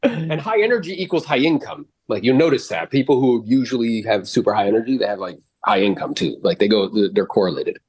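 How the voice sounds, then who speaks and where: A man coaching a real estate agent after a live role-play call, animated and blunt, often swearing and acting out quotes in exaggerated voices. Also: mid-range voice, brisk, hardly any pauses, slightly rough, dry recording.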